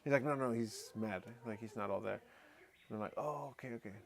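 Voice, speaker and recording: A man hosting a live talk stream, telling a story in a relaxed, rambling way full of fillers. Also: on the low side, a little fast, gravelly. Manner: relaxed, rambling, lots of fillers like "you know" and "eh". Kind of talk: casual storytelling chat.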